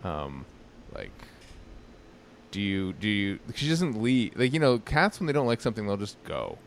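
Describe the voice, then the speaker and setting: A man's voice: fairly low pitch, sing-song, normal speed, slight background noise. A man co-hosting a podcast, chatting casually in a rambling, hesitant way full of restarts and fillers. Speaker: podcast co-host. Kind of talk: casual chat.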